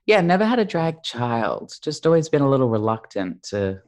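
An Australian-accented man speaks as a guest in a casual chat. His voice sits in a middle pitch. He explains things in an articulate, playful way. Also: sing-song, normal speed, darkish tone.

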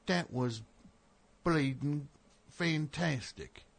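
A gushing, over-eager young British fan, as a man puts him on. The mock British accent wanders all over the map, and the words come out stretched and exaggerated. The voice is pitched a little higher than the man's own. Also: drawn-out words, full character voice.

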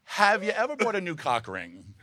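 A man's voice: high-pitched, huge pitch swings, normal speed, bright, forceful tone, dry recording. A man guesting on a live podcast show, telling crude stories in a laid-back way into a handheld mic. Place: live show at a poolside venue.

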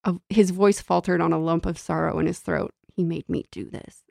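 Young woman, low voice, gravelly fry, dry close sound, casual book chat. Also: normal speed, no room sound. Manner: reads novel passages aloud, animated and laughing when chatting. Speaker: book club podcast co-host. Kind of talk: casual chat with read-aloud passages.

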